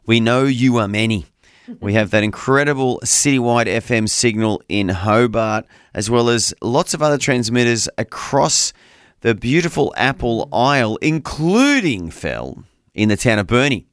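A man's voice: medium pitch, animated, normal speed, clean tone, dry recording, clean studio sound. A man co-hosting a breakfast radio show, chatting with enthusiasm. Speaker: radio co-host. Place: radio studio. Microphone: studio microphone.

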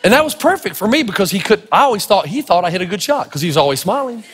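A man preaching a sermon full of stories, animated and acting out the voices of the people in them, with a husky voice. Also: high voice, racing, slight background noise. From Tennessee. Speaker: pastor. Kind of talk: storytelling sermon. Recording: long reverb of a large hall.

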